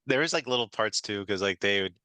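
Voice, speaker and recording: A man's voice: lowish voice, normal speed, smooth, no room sound, rough recording. A man co-hosting a movie podcast, retelling scenes in casual chat and laughing often. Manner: laughing, animated retelling with put-on quotes. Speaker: podcast co-host.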